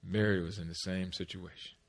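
A man in his forties preaching an energetic sermon with comic stories, laughing often and shouting at the peaks. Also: low-pitched, brisk, creaky.

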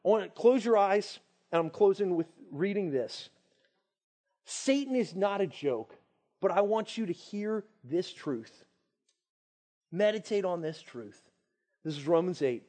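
A man with a high voice preaches in a relaxed, conversational way. He tells scripture stories with lively acted-out voices and slows down to read verses. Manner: animated storytelling with dramatic voices and shouts. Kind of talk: casual sermon.

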